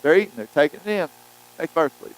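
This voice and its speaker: A man preaching a sermon, telling a Bible story with lively acted-out quotes. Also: on the high side, quick pace, poor audio. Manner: animated storytelling, acting out quotes. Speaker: pastor.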